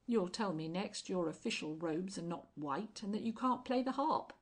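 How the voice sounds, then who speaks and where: A woman's voice: mid-range voice, lively intonation, moderate pace, slightly rough. A woman voicing a smug, self-satisfied male village doctor in an audiobook, pompous and insistent. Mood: smug insistence.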